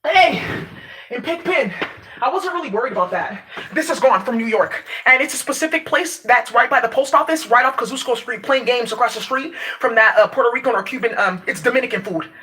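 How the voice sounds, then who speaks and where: A woman's voice: a little high, expressive, brisk, pushed and bright, a little hiss or hum. A woman from Nigeria, ranting casually to her viewers, brash and profane, laughing as she talks. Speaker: vlogger. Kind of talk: casual rant to camera.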